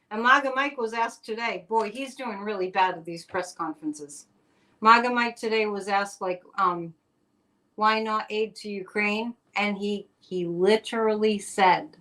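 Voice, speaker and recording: A woman's voice: mid-range voice, moderate pace, a bit bright. A woman hosting a live stream, giving casual political commentary in a chatty, exclamatory way with sarcastic asides. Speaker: psychic live-stream host.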